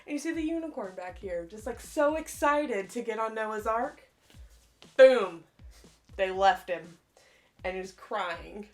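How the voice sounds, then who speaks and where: A woman's voice: medium pitch, measured pace. A woman co-hosting a casual collecting video, chatty and enthusiastic, often saying "like". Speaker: co-host. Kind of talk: casual collection show-and-tell.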